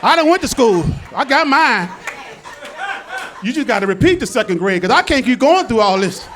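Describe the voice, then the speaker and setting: A man works a stand-up set, telling rambling everyday stories in a loose, animated way and slipping into quick voices for the people in them. His speaking voice sits very high for a man. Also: slight background noise. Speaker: stand-up comedian.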